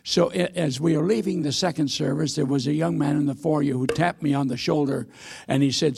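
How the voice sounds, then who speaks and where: An elderly man in his eighties gives a sermon from a church pulpit, telling folksy stories at his own expense. His voice sits a little high and carries heavy gravel, with a husky, rough texture. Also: a little fast. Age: 80s. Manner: folksy, self-deprecating storytelling with hesitations. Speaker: missionary preacher. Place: church sanctuary.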